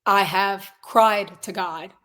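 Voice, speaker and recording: A woman's voice: medium pitch, fairly even intonation, takes it slowly, fairly bright tone. A woman in her twenties, a guest in a casual interview, talking earnestly and rambling through restarts and quoted asides. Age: 20s. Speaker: guest, singer and real estate agent.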